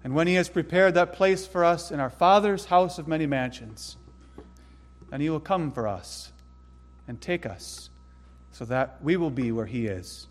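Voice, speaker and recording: A man preaching a sermon in an earnest way, dropping to hushed tones and rising to sudden loud emphasis. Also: fairly high pitch, measured pace, big-room sound. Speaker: pastor.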